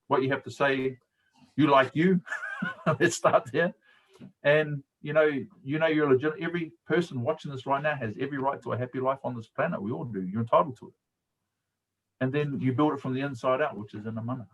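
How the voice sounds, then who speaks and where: A man's voice: medium pitch, rough recording. A middle-aged man with a New Zealand accent, a coach and guest speaker, telling stories and giving advice in a casual live-stream talk, laughing often and speaking colloquially.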